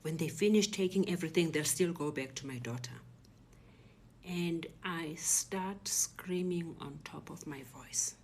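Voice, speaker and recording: A woman giving a personal testimony, telling her story in a hushed, breathy half-whisper and quoting what others said. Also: deep voice, unhurried. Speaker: speaker recounting a personal ordeal.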